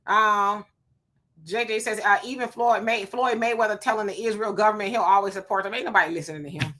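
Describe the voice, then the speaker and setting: A woman hosting a live talk stream, chatting casually and reading viewer comments aloud in an animated way. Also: medium pitch, a little fast. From California. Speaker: live show host.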